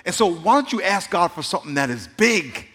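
A man preaching a sermon, telling animated stories and cracking playful jokes to his congregation. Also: high voice, a little fast, husky. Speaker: pastor. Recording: long hall reverb.

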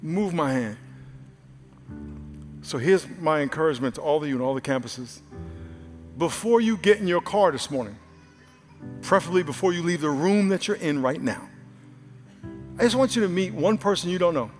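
A male pastor preaching a sermon, swinging from loud exclamations to hushed, earnest asides. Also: on the high side, animated, brisk. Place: large church hall. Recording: live sermon with hall reverb and faint music.

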